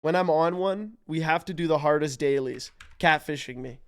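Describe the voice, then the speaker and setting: A wired-up male streamer from Canada with a high, smooth voice. He talks his guesses through out loud, jumping between hype and confusion, and swears freely as he goes. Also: normal speed. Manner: hyped, profane, thinks aloud while guessing. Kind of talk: casual live-stream commentary.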